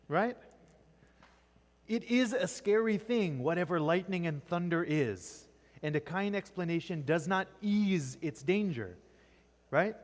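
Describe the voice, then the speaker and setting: A man teaching a class on poetry in a church classroom. He keeps quizzing the students and ends nearly every point with "right?". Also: high voice. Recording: long echoing reverb.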